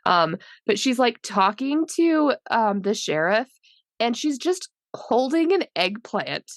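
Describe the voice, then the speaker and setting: A woman's voice: fairly high pitch, big pitch swings, slow pace, dry recording, clean studio sound. A woman co-hosting a podcast, chatting casually about a horror film, laughing often and gushing about what she loved. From New England. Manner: laughing, gushing, fond of the characters. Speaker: podcast co-host. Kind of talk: casual film review chat.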